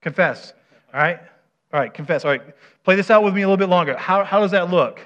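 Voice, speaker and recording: Talkative pastor man, slightly higher voice. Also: fast, a bit bright. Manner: asks the audience questions, often adds "right?". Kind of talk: conversational sermon with a live demonstration. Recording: dull, muffled recording.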